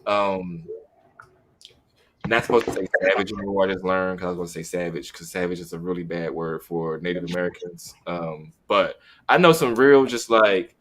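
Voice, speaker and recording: Young man, low-ish voice, candid and animated, casual podcast chat. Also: normal speed, a little hiss or hum. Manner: animated, acts out what he would say. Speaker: podcast co-host.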